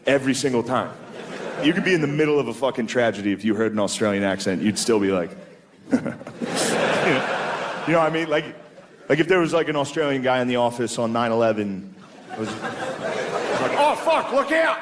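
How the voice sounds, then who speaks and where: A man's voice: mid-range voice, lively intonation, fast. A man doing a stand-up comedy set, talking casually and profanely and calling everyone "dude.". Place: comedy club stage. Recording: live club recording, loud crowd noise. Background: loud audience laughter.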